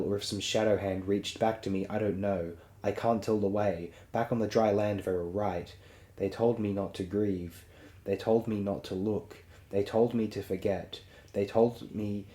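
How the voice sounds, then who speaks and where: A man with a fairly low, dark and mellow voice reads a story aloud in a slow, hushed, solemn way. The reading has a roomy echo around it, as if recorded in an open space. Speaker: audiobook reader. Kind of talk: dramatic audiobook reading.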